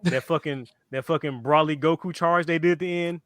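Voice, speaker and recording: A man's voice: a little high, steady tone, a little fast, a bit bright, no echo, studio quality. A man co-hosting a casual comic-book podcast, cutting in with emphatic corrections and jokes. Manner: emphatic interjections, correcting and riffing. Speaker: podcast co-host. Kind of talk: casual chat.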